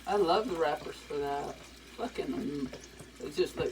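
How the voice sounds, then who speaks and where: An older woman talks while she cooks in her home kitchen. Her voice sits low but swoops up and down a lot as she rambles and swears without holding back. A pan sizzles faintly underneath. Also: expressive, moderate pace, a little mellow, a little hiss or hum, rough recording. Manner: profane, candid, rambling. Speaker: cooking vlogger. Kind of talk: casual rambling monologue while cooking. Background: sizzling frying pan.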